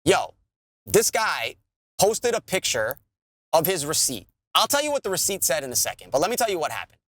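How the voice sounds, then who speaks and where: Animated, swearing man ranting. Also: on the high side, fairly quick, no room sound. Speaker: podcast co-host. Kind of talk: casual profane chat.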